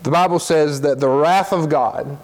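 Leading a Sunday school class on the Bible, a sincere man reads scripture in rapid spurts and slows his delivery whenever he drives a point home. His voice is a little high and a little mellow.

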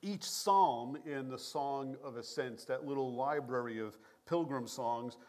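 A man pastor preaching a sermon in a measured, prayerful cadence, reading scripture and leading prayer. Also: medium pitch, darkish tone. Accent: New York.

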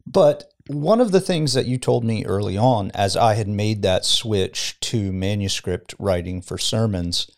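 A man's voice: fairly low pitch, unhurried, hardly any pauses. A middle-aged man, a pastor, reflecting in a casual podcast conversation in a studio and often chuckling as he tells a story. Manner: reflective, chuckles while telling stories.

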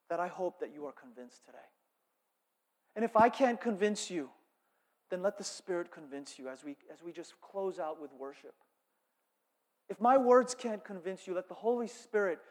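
A male pastor preaching a sermon with rising fervor and repeated phrases. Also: sits high. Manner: impassioned, builds to loud preaching with repeated phrases. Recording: long reverb of a worship hall.

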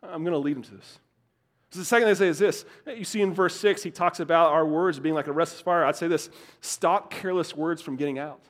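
A young adult man preaching a sermon as pastor, animated, repeating words and swinging from loud bursts to hushed asides. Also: fairly high pitch, a little fast.

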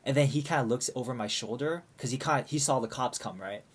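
Young man, husky voice, rambling profane storytelling, casual chat with friends. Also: mid-range voice, fast. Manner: rambling, profane, many fillers and restarts.

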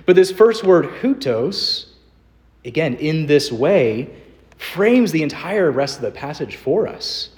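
A young man preaching a sermon in a church, earnest, slowing down to stress quoted scripture. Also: on the high side, very animated, a little mellow. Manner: earnest, varied emphasis, slows on quoted scripture. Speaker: pastor. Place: church sanctuary.

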